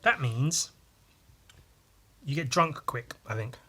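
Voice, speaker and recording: A man's voice: medium pitch, expressive, takes it slowly, noisy background. A man hosting a podcast, talking alone in a casual, rambling way, swearing freely and breaking off mid-sentence. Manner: sweary, rambling, self-interrupting. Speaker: podcast host.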